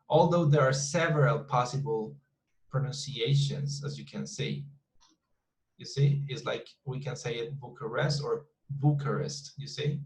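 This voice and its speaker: A male teacher explains syllables to his class, patiently, with frequent repetitions and restarts. His voice sits in an ordinary middle range. The recording sounds roomy, as if made in a bare, echoey room. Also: mid-range voice. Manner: repeats words and restarts often, explains patiently. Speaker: English teacher. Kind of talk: online class lesson.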